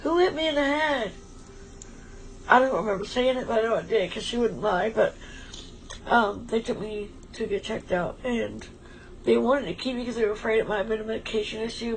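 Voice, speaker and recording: A woman's voice: fairly high pitch, a little hiss or hum, poor audio. A woman talking in a casual, heartfelt way on a stream, emotional and rambling as she thanks a friend. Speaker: livestream co-host.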